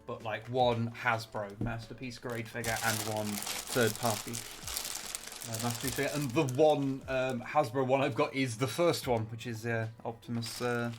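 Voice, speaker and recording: A man's voice: mid-range voice, fairly even intonation, measured pace. A man co-hosting a casual livestream, talking in a laid-back, hesitant way with many fillers. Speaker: co-host.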